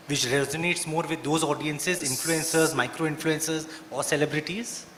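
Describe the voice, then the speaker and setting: A man's voice: fairly high pitch, fairly even intonation, normal speed, a bit bright. A man who moderates a conference panel, asking probing follow-up questions. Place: conference hall. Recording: echoey hall with faint noise.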